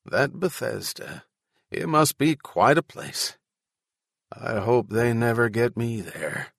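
A brash old man, loud and urgent, barking orders in a rush, as a male narrator puts him on. His voice sits a little higher than the narrator's own and comes through dry and close. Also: very animated, slow, creaky, breathy edge, dry recording, exaggerated voice. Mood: hurried. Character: energetic elderly man, brash rescuer.

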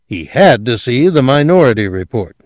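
A man giving a measured, deliberate scripted narration of a story. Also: mid-range voice, big pitch swings, a little mellow, no echo, clean studio sound. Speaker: audiobook narrator.

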